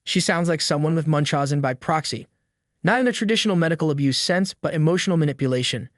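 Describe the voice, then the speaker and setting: A man voicing a calm clinical therapist. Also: on the high side, fast talker, dry recording, studio quality, natural voice. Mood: explaining.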